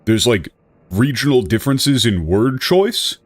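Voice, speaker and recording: A man's voice: medium pitch, sing-song, measured pace, no echo. A male streamer giving rambling, self-correcting casual commentary with an exasperated edge.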